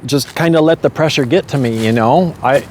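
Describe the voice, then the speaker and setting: A man's voice: mid-range voice, fairly quick, noisy background. A young man candidly telling his own life story in a casual, reflective way, often adding "you know" and small nervous laughs. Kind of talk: casual spoken memoir.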